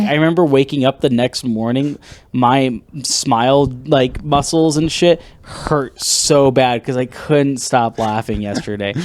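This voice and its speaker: A man's voice: mid-range voice, darkish tone. A man co-hosting a podcast, telling stories animatedly, laughing easily and swearing casually. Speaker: podcast co-host. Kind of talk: casual storytelling chat.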